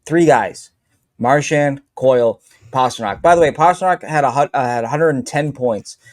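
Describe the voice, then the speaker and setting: A man who works in sports radio, talking hockey in a lively, fast, casual way. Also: medium pitch, dry recording, clean studio sound. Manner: animated, fast storytelling with repeats.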